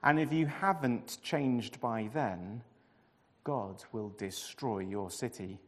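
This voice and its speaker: A man voicing a reluctant, groaning adult male prophet who talks in a loud, strained, whiny way. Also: fairly high pitch, sing-song, slow pace, big-room sound, heavily acted. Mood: warning.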